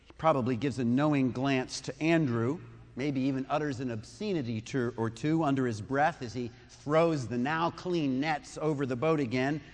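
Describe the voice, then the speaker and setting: A man's voice: mid-range voice, normal speed, long reverb tail. A man preaching a sermon, retelling a story conversationally with asides and questions to the listeners. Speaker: pastor.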